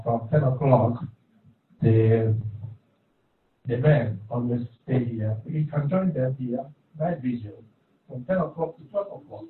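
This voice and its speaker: A man's voice: medium pitch, slight background noise. A man preaching a sermon, repeating his phrases and calling for responses from the congregation. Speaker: pastor. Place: church hall. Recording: echoey hall, distant, phone-like.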